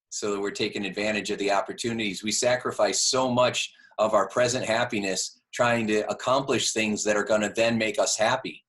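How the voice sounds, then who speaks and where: A man with a fairly low voice hosts a conversational interview. He agrees readily and asks short, open questions. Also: a bit bright, poor audio. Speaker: interview host.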